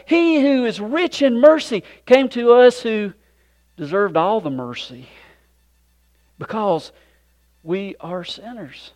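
A man preaching a sermon with folksy conversational asides, swinging from loud emphatic points to hushed, near-whispered moments. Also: high voice, animated, takes it slowly, long pauses. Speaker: pastor.

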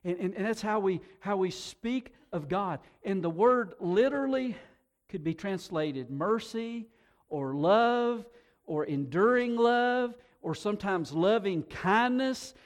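A man preaching a sermon to a congregation, animated, often repeating words and swinging between soft and loud delivery. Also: high voice, slow pace. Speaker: pastor.

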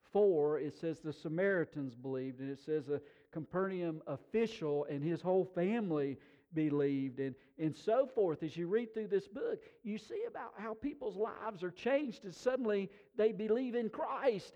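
A man preaching a sermon in a folksy, animated storytelling way, often restarting his sentences. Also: on the high side, lo-fi sound. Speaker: pastor.

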